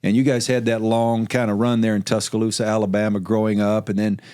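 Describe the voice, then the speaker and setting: A man's voice: on the low side, little pitch movement, fairly quick, a little mellow, clear, resonant tone, dry recording, clean studio sound. A middle-aged man, a basketball coach hosting a podcast, who talks in a chatty, storytelling way before leading into questions. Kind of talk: casual conversational interview.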